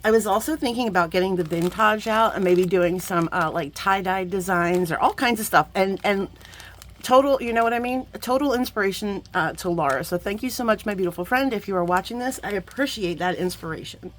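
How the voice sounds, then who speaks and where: Woman, craft vlogger, effusive and chatty, mid-pitched, light hiss on the track. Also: brisk. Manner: gushing, effusive, chatty, many asides to viewers. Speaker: jewelry-making YouTuber opening bead mail. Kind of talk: casual chatty unboxing vlog.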